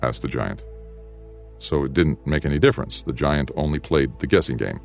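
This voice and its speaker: Very deep-voiced man narrating an audiobook. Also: a little fast, darkish tone, faint music behind.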